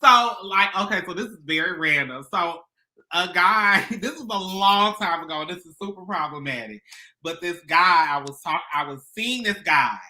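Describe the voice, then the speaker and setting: A woman's voice: fairly low pitch, normal speed. A woman co-hosting a casual chat show, telling stories with lots of laughter. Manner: animated storytelling, laughing often. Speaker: co-host.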